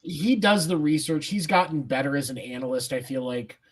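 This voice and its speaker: A man co-hosting a sports podcast, giving measured opinions with casual fillers. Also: a little high, fairly even intonation. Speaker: podcast co-host.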